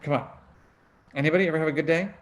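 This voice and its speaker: A man's voice: a little high, racing. Man hosting an online book club talk. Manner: casual, conversational, asks the audience questions. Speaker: book club host and emotion researcher. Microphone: video call.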